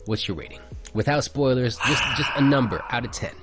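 A man's voice: medium pitch, fairly quick, over loud music. A man co-hosting a casual podcast chat, joking and reading out listener messages. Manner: laid-back, joking, reads out listener messages. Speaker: podcast co-host.

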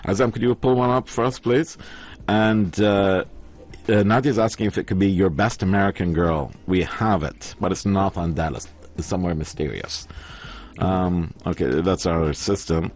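A man with a low voice hosts a relaxed, jokey studio chat. He reads listener comments aloud and riffs on them with his co-hosts. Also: normal speed. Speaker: radio show host reading listener messages. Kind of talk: casual chat. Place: broadcast studio in Asia.

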